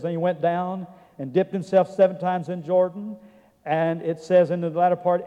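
Preaching man in an echoing hall. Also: a little high. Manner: preaching with swells of loudness and slow emphatic lines. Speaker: pastor. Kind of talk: sermon.

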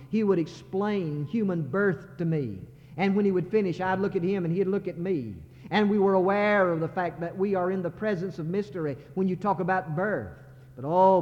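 A man preaching a sermon as a pastor, building to impassioned crescendos. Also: sits high. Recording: muffled sermon recording in a reverberant sanctuary.

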